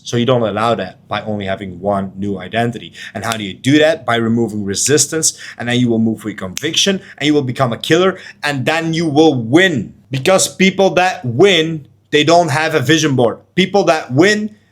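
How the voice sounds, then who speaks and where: A man's voice: mid-range voice, animated, brisk, hardly any pauses. A man coaching to camera in an intense, preachy motivational monologue, blunt, with casual slang and swearing. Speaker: life and trading coach.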